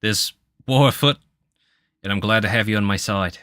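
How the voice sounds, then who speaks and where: A man's voice: fairly low pitch, moderate pace, sharp tone, slight background noise. A tired man voicing a male mentor spirit who recites a paladin oath, barely changing his own voice. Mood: pleased. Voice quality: tired, no accent attempted. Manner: solemn, reciting an oath line by line.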